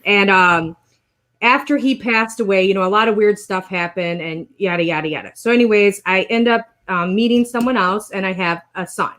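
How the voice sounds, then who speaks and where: A woman telling a personal story in casual conversation, rambling and animated, acting out the voices of the people in it. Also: mid-range voice, normal speed. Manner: rambling, animated retelling with quoted voices and laughs. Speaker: guest sharing a personal story.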